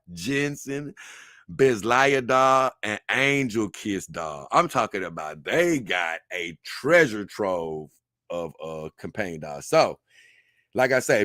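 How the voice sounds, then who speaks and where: Bright, dry-voiced man hosting a stream. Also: mid-range voice, no echo. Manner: reads lists aloud unhurriedly with asides. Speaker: livestream host. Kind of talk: casual livestream chat.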